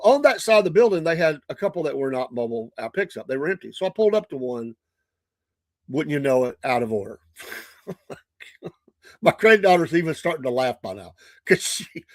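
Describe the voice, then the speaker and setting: A man's voice: fairly high pitch, no room sound, clean studio sound. An older man with a Southern US accent telling a casual story on his morning show, chatty and laughing often.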